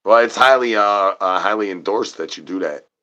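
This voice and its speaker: A man with a very low voice hosts a livestream, rambling along in goofy chatter. He leans on silly made-up words and chants his catchphrases over and over in a singsong way. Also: moderate pace, sharp tone. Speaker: livestream host.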